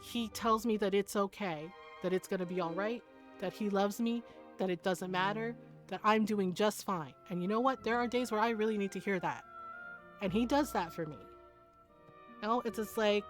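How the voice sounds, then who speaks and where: Woman, 40s, game streamer, casual live chat, blunt and heated, swears a lot, laughs often, quiet music behind. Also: medium pitch, normal speed.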